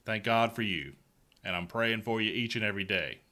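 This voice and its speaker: A man with a Southern US accent hosting a casual good-news show, folksy and excitable, often stammering and repeating words. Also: fairly low pitch, a little fast.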